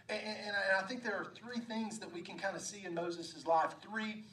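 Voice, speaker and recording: High-voiced man preaching a sermon. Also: moderate pace, a little hiss or hum. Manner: animated, acts out dialogue, frequent repetitions. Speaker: pastor. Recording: echoey room from a distance.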